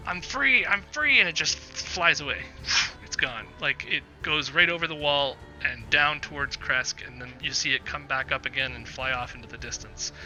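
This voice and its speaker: A man's voice: medium pitch, sharp tone. A man narrating as game master in a tabletop game, describing scenes with frequent fillers and restarts.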